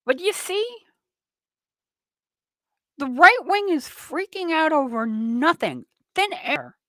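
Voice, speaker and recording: A woman's voice: high-pitched, expressive, slow pace, a bit bright, no echo. A woman hosting a political talk radio show, ranting with sarcastic indignation.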